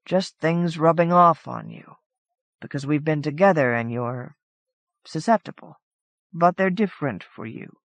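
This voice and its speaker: A woman voicing a calm, watchful male angel in a storybook reading, speaking low, clipped and steady. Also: measured pace, dry recording.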